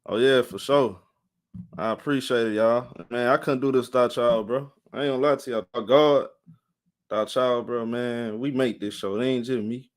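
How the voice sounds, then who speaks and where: Tired live-stream sports host, rambling. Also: male voice, medium pitch. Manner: rambling, repeats himself, greets chat viewers by name.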